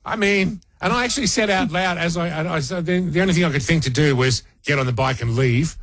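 A man's voice: on the high side, fast talker, fairly bright tone, no echo. An Australian man hosting radio, telling a rambling, self-mocking story with many restarts, on a studio mic. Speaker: radio host. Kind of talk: casual storytelling chat.

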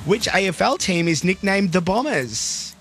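A man, hosting a breakfast radio quiz in quick, enthusiastic patter. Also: sits high, expressive, a bit bright. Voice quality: croaky voice. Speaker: radio host.

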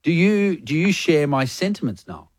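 Lively joking man co-host. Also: fairly high pitch, moderate pace, dry recording, clean studio sound. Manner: animated, joking, opinionated. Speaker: radio co-host. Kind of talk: casual interview chat.

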